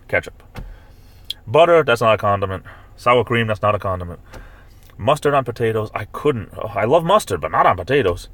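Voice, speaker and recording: With lively intonation, a fairly bright tone and a slightly fast pace, a man hosts a casual live stream and reads viewer comments out loud. He rambles through fillers and restarts, switching to high-pitched mock outrage when a rant takes hold.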